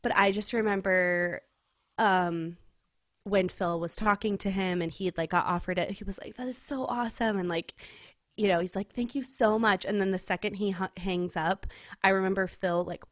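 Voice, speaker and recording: A young woman from California, co-hosting a podcast and telling a personal story in casual, heartfelt chat, full of "like" and quick laughs. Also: fairly low pitch, fairly even intonation, no room sound, clean studio sound. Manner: chatty storytelling, heavy use of "like", laughs often. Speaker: podcast co-host.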